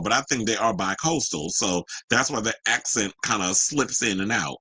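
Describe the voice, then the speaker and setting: A man talks through celebrity headlines in a casual, joking way and drops into sarcastic side comments. His voice sounds slightly husky. It is recorded dry and close to the mic. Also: fairly low pitch, moderate pace, few pauses, bright, forceful tone, dry recording, rough recording. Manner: loose, joking, sarcastic, colloquial. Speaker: host of a celebrity news show. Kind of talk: casual commentary, reading news with asides.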